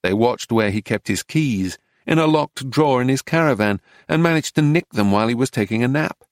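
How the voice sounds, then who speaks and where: A man's voice: mid-range voice, animated, fairly quick, no echo. Man narrating an audiobook, dry close sound. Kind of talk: scripted narration.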